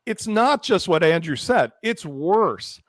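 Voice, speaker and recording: A man's voice: high-pitched, lively intonation, slow, no room sound, clean studio sound. A man from Ukraine speaking as a round-table panelist, passionate and emphatic as he states his positions firmly. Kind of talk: heated round-table discussion.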